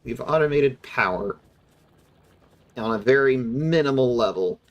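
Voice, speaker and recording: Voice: medium pitch, lively intonation, unhurried, highs cut off. A streamer giving casual, chatty commentary over a factory-building game, explaining its mechanics with amusement.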